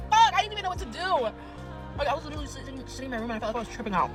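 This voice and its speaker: A woman telling a personal story in a casual, animated way, swearing freely. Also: high-pitched, racing, over music, poor audio. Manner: animated, profane, swears often.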